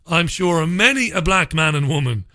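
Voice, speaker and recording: A man's voice: on the high side, lively intonation, normal speed, sharp tone. A man hosting a talk radio show, reading listener messages and answering them with blunt, sarcastic remarks. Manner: sardonic, sarcastic; blunt, swears freely.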